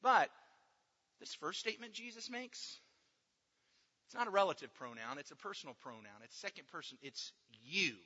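A man preaching with high, animated delivery that rises to emphatic peaks and drops to near-hushed lines. His voice is very bright and forceful, and the recording has a long hall echo with a dull, muffled tone. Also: moderate pace, pauses often, husky. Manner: emphatic, swings from loud to hushed. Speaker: pastor. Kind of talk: sermon.

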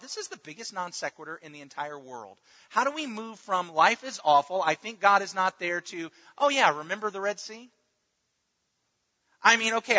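A man preaching with a high, very bright voice, earnest and halting as he repeats his words. His voice rings with a long reverb, and the sound is dull and lo-fi. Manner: earnest, restarts words, dips to near-murmur at times. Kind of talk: sermon.

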